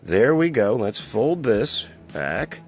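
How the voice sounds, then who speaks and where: At a slow pace and medium pitch, with big swings in his voice, a man handles a collectible figure and reviews it in a casual, chatty, rambling way. Now and then he chuckles.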